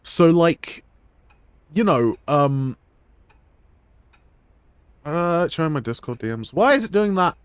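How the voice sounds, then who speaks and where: A man's voice: fairly high pitch, sing-song, slow, long pauses, clean tone, dry recording. A man, streaming a game and rambling crude jokes at home. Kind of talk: gameplay live stream commentary.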